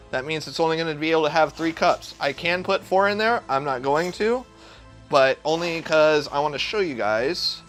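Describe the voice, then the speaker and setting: A young man with a fairly bright, higher-pitched voice rambles through a casual cooking livestream from his home kitchen, swearing constantly and sounding hyped. The cooking streamer is picked up by a neck-mounted camera mic.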